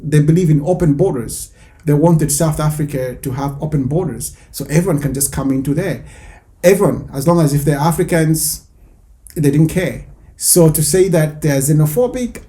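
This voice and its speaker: A man's voice: a little high, dark tone. Man hosting a news commentary show. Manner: measured, explanatory, with fillers.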